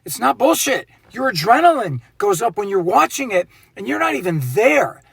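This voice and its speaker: A man's voice: high voice, very animated, moderate pace, vocal fry, fairly bright tone, husky, dry recording. A man delivering an indignant, sarcastic rant as a video commentator, swearing often. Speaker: YouTube commentator. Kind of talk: ranting monologue.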